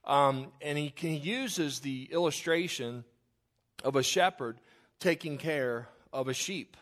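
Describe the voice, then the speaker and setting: A man's voice: a little high, slow pace, a bit bright. A man preaching a funeral sermon, reading scripture aloud with earnest emphasis. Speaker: pastor.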